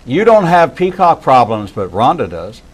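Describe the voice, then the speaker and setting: A man's voice: medium pitch, big pitch swings, normal speed, rough recording. Friendly interviewing rabbi, a man. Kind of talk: conversational interview.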